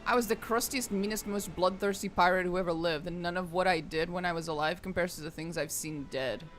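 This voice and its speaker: A woman's voice: fairly low pitch, a little fast, a little hiss or hum, close to an everyday voice. A woman doing a growling ghost pirate. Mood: scornful. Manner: put-on pirate voice drifting toward a drawl. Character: menacing old male ghost skeleton pirate.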